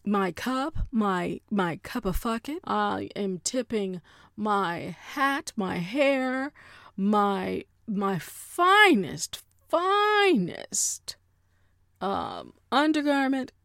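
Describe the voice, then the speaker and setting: A woman hosts a podcast with casual, comedic storytelling. She is animated and playful and often breaks into exaggerated voices to act out what other people said. Her voice sits at an ordinary pitch and is recorded close and dry, with no room sound. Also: slow pace, creaky, no room sound. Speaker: podcast host.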